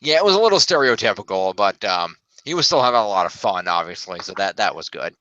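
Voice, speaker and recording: A man's voice: on the low side, animated, quick pace, fairly bright tone, no room sound, muffled recording. A man chatting casually as a film reviewer, rambling and correcting himself as he goes. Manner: rambling, self-correcting, upbeat.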